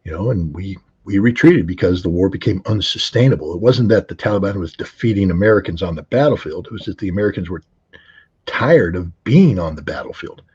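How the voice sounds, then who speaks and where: Husky lo-fi man, measured and reflective. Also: sits low, expressive, a little mellow. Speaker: guest commentator. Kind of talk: live call-in show discussion.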